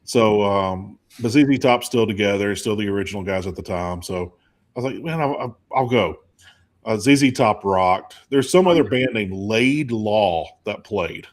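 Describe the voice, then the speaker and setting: A man, co-hosting and telling a rambling, animated story in casual chat. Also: normal speed. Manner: rambling, animated storyteller with high put-on quoted voices. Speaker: co-host.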